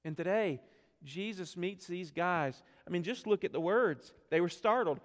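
Earnest high-voiced preacher in a reverberant hall. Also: male voice, expressive, moderate pace. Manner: earnest, swells and drops, rhetorical questions. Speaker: pastor. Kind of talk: sermon.

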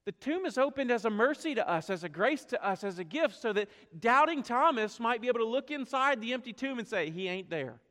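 Earnest high-voiced preacher in a reverberant hall. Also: male voice, lively intonation, brisk, hardly any pauses, bright, forceful tone. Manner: earnest, swells and drops, rhetorical questions. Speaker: pastor. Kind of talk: sermon.

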